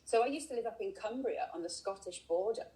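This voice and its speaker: A woman's voice: mid-range voice, animated, brisk, warm tone, poor audio. Chatty English woman guiding a tour. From England. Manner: chatty, explanatory, with frequent ums. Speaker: tour guide. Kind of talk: live walking tour chat. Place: outdoors by a river. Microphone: video call.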